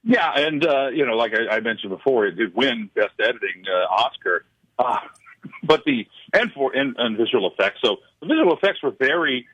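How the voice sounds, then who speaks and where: A male film professor talks as a radio guest, stopping and restarting with frequent uh fillers. His voice sits at a medium pitch. The sound is dry and close but a little muffled, like a radio broadcast. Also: animated, a bit bright, slightly rough, dry recording. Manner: halting, full of uh fillers and restarts. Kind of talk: radio interview chat. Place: radio studio.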